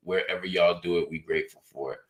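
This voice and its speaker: Very deep-voiced male talk-show host. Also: fast. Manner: relaxed, conversational, reads viewer comments aloud. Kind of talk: casual talk-show monologue.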